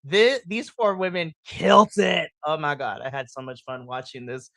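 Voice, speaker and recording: A podcast co-host in casual post-show chat, excitable, laughing often and breaking into loud exclamations. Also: medium pitch, normal speed, no room sound.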